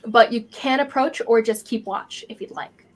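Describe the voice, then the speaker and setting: A woman's voice: a little high, steady tone, normal speed. A woman narrating as game master, describing scenes with many fillers.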